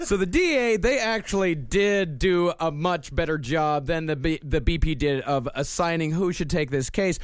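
A man's voice: a little high, moderate pace, few pauses, no room sound, clean studio sound. A man hosting a casual true-crime podcast, laying out the case step by step and swearing freely. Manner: profane, explanatory storytelling. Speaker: podcast host.

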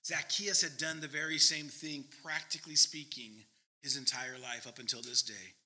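A man, a pastor, preaching a sermon in an earnest, emphatic way with quick asides. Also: medium pitch, steady tone, sharp tone.

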